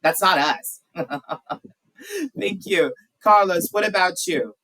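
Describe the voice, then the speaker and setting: Heard in a rough recording, this English teacher has a high, sharp voice and a slow pace. He poses questions to students and openly shares his opinions as the class discussion unfolds conversationally.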